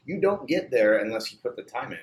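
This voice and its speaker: A man's voice: medium pitch, expressive, brisk. A man who owns a barbershop and trains an apprentice, chatting casually in a loose, profane way with lots of filler. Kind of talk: casual chat. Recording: roomy recording with faint ambience.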